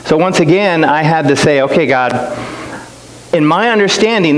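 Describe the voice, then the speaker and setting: A middle-aged man with a fairly high voice and lively intonation speaks at normal speed as a guest missionary. He tells stories to a church in a chatty, self-deprecating way with many restarts, recorded in an echoey hall with faint hiss.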